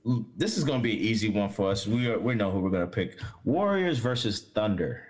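A man's voice: fairly low pitch, lively intonation, fairly quick. A man hosting a casual sports chat, rambling with fillers and restarts and laughing often. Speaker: podcast host.

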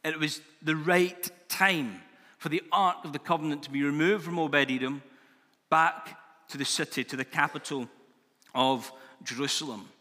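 A man's voice: a little high, moderate pace, pushed and bright. A man preaching a sermon in a church hall, earnest and emphatic, building in intensity as he goes. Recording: long hall reverb.

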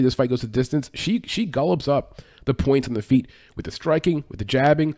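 Male podcast host, quick and chatty, dry close sound. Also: medium pitch, dark tone, no room sound. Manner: fast, chatty, with fillers and self-corrections. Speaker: MMA betting podcast host. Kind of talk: casual fight-pick analysis.

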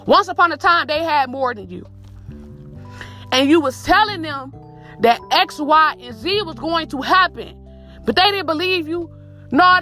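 A woman with a high voice preaches a profane pep talk to her listener, circling back on the same phrases again and again. She calls the listener "my baby" and talks like a podcast host. Faint music plays behind her. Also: bright, forceful tone. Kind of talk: motivational monologue.

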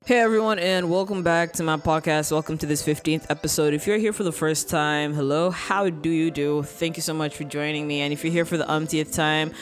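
A woman's voice: low voice, fairly even intonation, brisk, few pauses. A young adult woman hosting her podcast in a casual, upbeat way, full of "like" and "you know". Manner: chatty, upbeat, heavy use of "like" and "you know". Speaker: podcast host. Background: background music.

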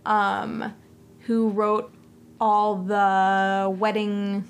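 A woman co-hosting a casual movie podcast, animated and swearing freely as she acts out scenes. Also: mid-range voice, extremely slow, slight background noise. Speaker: podcast co-host.

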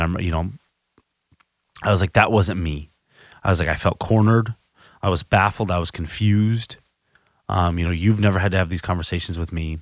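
A man's voice: sits low, dry recording, clean studio sound. A man hosting a podcast, telling a personal recovery story in a candid, self-reflective way, often restarting his sentences. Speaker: podcast host.

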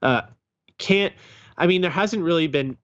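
A man talking sports in a rambling, halting way, full of fillers. His voice comes through muffled and lo-fi, dry and close. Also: fairly high pitch, a bit bright, dry recording. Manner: rambling, hesitant with many fillers and restarts. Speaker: podcast co-host. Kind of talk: casual sports chat. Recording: dull lo-fi sound.

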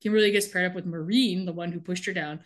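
This co-host is a woman with a lowish voice who talks quickly, running through a TV episode on a podcast in an easygoing way. She's animated and laughs a lot.

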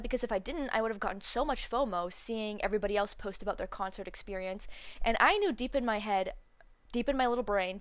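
A woman's voice: medium pitch, dry recording. A young woman hosting a podcast, telling a story in a chatty casual way with lots of fillers. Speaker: podcast host. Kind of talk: casual chat.

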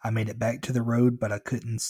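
A man reading a first-person horror story aloud in a steady, earnest way, with joking asides. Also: medium pitch, fairly quick, husky, no room sound. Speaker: storyteller and co-host.

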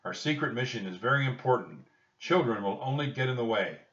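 A man's voice: mid-range voice, expressive, fairly quick, fairly bright tone, lo-fi sound, pitched above the performer's own voice, lightly acted. A man voicing a stern, grave army captain who gives orders firmly, recorded from a distance in a roomy space. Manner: stern and commanding.

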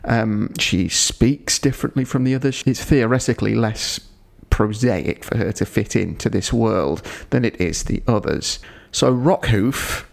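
A man's voice: on the low side, moderate pace, creaky, hardly any pauses. A man hosting a podcast, giving a digressive episode review with dry, wry asides. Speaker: podcast host.

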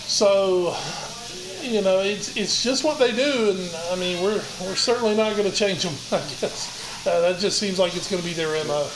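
A man co-hosting a sports podcast, chatting in an easygoing way. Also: high-pitched. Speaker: podcast co-host. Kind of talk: casual sports chat. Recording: roomy, faint hiss.

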